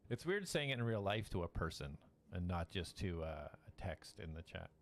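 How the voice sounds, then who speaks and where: A man's voice: sits low, a little hiss or hum. A man acting as game master and live-stream host, chatting casually and laughing often as he greets viewers.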